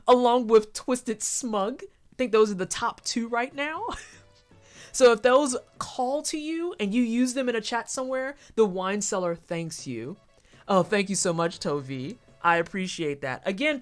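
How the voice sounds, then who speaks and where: A streamer chatting casually with viewers while playing a game, thanking supporters and making playful asides. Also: mid-range voice. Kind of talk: casual live-stream chat while gaming.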